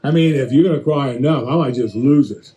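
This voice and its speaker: A man preaching in a conversational Bible-teaching style, addressing listeners directly with quick restarts and acted-out asides. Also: medium pitch, warm tone, poor audio.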